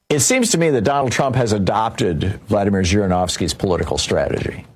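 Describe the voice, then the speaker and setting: A man's voice: mid-range voice, normal speed, hardly any pauses. An older man telling a personal story in political commentary, rambling with many restarts and fillers.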